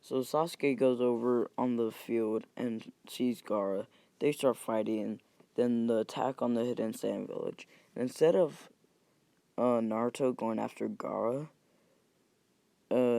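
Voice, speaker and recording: A young man rambles through a homemade story, cursing often and backtracking mid-sentence. His voice is gravelly and dark, set close in a dry, dead space. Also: medium pitch, fairly even intonation, a little slow, no echo. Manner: rambling, profane, self-correcting. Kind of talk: casual retelling of a fan story.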